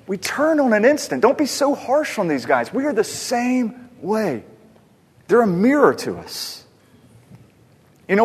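A man with a high, husky voice preaches a lively, conversational sermon, throwing rhetorical questions at his listeners. The sound carries a long reverb, as if captured live in a large church hall. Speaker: pastor.

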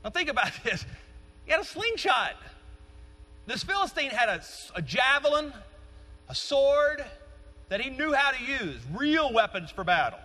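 A man's voice: very high-pitched, very animated, unhurried, pauses often, sharp tone. A middle-aged man preaching a passionate sermon to his church, building to emphatic peaks. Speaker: pastor. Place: large church sanctuary. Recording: long reverb of a large church.

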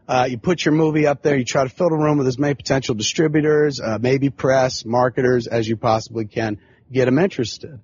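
A man's voice: mid-range voice, fairly even intonation, fairly quick, a little mellow, highs cut off. A man in his forties hosting a podcast, telling a long casual story full of swearing and filler phrases. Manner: profane, rambling, frequent filler phrases. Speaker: podcast host.

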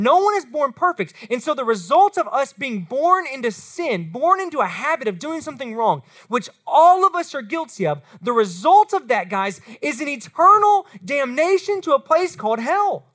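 A woman, preaching as a youth pastor to middle school students and speaking straight to them. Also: sits high. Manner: animated, talks straight to the students.

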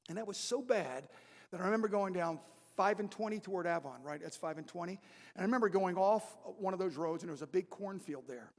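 An older man preaching a sermon, telling a personal story with quiet asides and loud emphatic peaks. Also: fairly high pitch. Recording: long reverb of a large hall.

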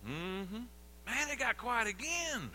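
Man, pastor, high bright voice, folksy call-and-response sermon. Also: sing-song, slow pace, slight background noise. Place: church sanctuary.

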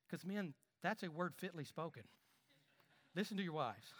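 A man preaching a sermon, animated, with repeated words, quiet asides and loud emphatic lines. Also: sits high, normal speed. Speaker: pastor.

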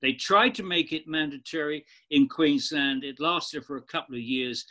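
A man with an Australian accent, a guest expert explaining points in an animated, emphatic way during a podcast interview. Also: on the high side, moderate pace.

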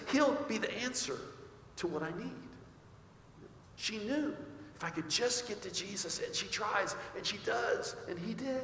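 A man's voice: high-pitched, fairly bright tone, a little hiss or hum. A male pastor preaching a sermon, often asking his congregation rhetorical questions. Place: church sanctuary. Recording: echoey hall with faint ambience.

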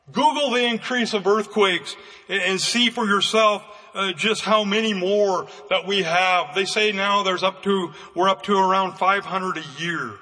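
A man preaching a fervent sermon as pastor, with bursts of raised, shouting emphasis. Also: sits high, big-room sound.

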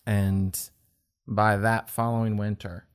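A man telling his personal faith story in an earnest, halting way, with many restarts. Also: on the low side, flat delivery, clear, resonant tone. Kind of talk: personal testimony in conversation. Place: indoors at a table.

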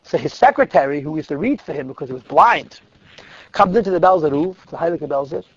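A man telling a Hasidic story to listeners in an animated, emphatic way, repeating words for stress. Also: a little high, brisk, husky, no echo. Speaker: religious storyteller. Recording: dull lo-fi, dry recording.

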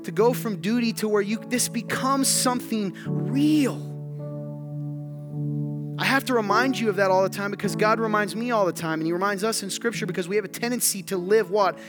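A man delivers a sermon to his congregation in a fairly high voice, earnest and conversational, pushing harder as he goes. Guitar music plays clearly underneath him as he preaches. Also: moderate pace. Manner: conversational, earnest, rising to emphatic. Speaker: pastor. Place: church sanctuary.

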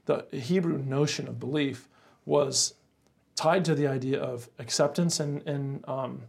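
A man with a medium-pitched, creaky voice and a breathy edge speaks at a measured pace. He's co-hosting a casual chat, animatedly telling stories and calling his friend "bro," often saying "crazy."

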